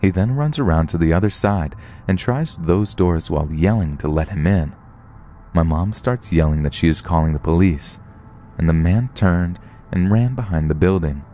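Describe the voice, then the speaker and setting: A man with a very low, dark voice narrates scary true stories. His pitch moves a lot as he tells them, rising and falling with the story. The telling is scripted and steady. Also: moderate pace, faint music behind. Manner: storytelling, puts on short voices for quoted people.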